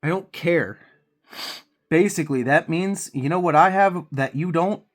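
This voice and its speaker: A man's voice: a little high, unhurried. A man with a cold, venting heatedly and profanely while he paints miniatures on his channel. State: congested with a cold.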